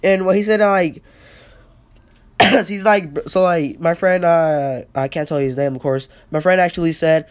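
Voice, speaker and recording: A sick teenage boy, coughing throughout, delivers a loose, rambling podcast monologue at normal speed. His voice is a bit high for a guy, and he swears and stumbles through fillers as he goes.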